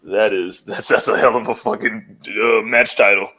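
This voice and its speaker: A man's voice: on the low side, steady tone, moderate pace, pushed and bright. A man co-hosting a podcast in casual chat, laughing often and trailing off with fillers. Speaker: podcast co-host.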